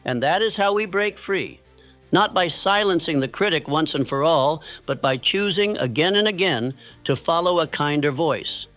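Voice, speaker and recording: Guy doing a motivational speech, kinda high voice, dull lo-fi sound, faint music under it. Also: lively intonation, fairly bright tone. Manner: measured, earnest, guiding listeners through affirmations. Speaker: motivational speaker.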